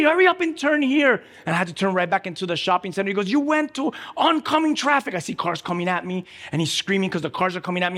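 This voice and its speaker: A male pastor preaches with force and energy, his voice sitting a little high for a man. He tells a personal story and acts out the people in it. The sound rings with the long echo of a church hall. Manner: energetic, emphatic preaching with animated quoted voices. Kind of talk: sermon with storytelling.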